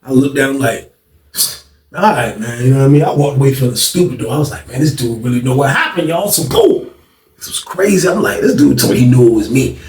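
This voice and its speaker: A man telling a story from his past in a casual, animated way, full of slang and repeated lines, acting out what people said. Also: medium pitch, fast. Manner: animated, slangy, repetitive, acts out quotes. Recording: echoey room, distant mic.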